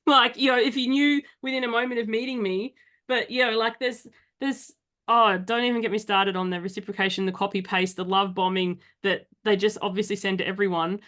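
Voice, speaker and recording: A woman's voice: mid-range voice, fairly even intonation, a little fast, a bit bright. An Australian woman hosting a podcast, talking casually in a blunt, exasperated way and swearing now and then. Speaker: podcast host.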